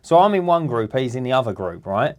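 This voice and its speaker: Man, podcast co-host, animated sweary storyteller. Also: mid-range voice, brisk. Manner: animated, swearing, acts out other people's voices. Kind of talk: casual storytelling.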